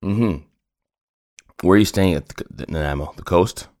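A man with a very low, early-morning voice hosts a casual podcast chat. He jokes and teases his co-host. The recording is close and dry, with no room sound. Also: normal speed, a little mellow, dry recording. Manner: joking, teasing banter.

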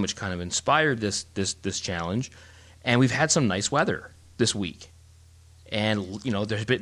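A middle-aged man co-hosting a casual chat, telling stories in a rambling, animated way with many restarts. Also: fairly low pitch. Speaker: podcast co-host.

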